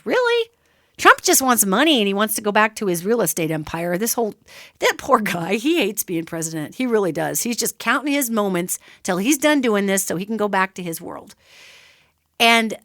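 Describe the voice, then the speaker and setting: A woman's voice: on the high side, no echo, clean studio sound. A woman hosting a solo radio talk show, explaining ideas in an emphatic, conversational way and addressing listeners directly. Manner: animated, emphatic, conversational teaching.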